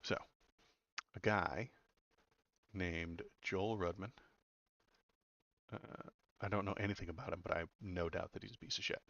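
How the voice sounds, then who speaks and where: Deep, gravelly man, blunt and sarcastic. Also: fairly even intonation, unhurried, long pauses, fairly bright tone, no echo, lo-fi sound. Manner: blunt and sarcastic, stumbles over words. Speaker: political commentary host. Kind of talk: casual political commentary.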